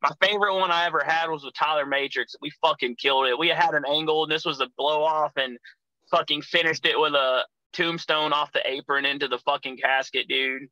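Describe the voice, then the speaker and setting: Cursing, animated man, bright voice. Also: fairly high pitch, brisk, dry recording, poor audio. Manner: profane, animated storyteller, acts out shouting in quotes. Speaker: professional wrestler guest. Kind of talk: casual storytelling chat.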